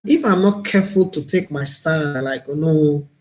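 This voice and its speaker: A man's voice: on the high side, moderate pace. A man with a Nigerian accent hosting a live-streamed talk show, speaking in an earnest, opinionated, reflective way. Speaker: host and broadcaster.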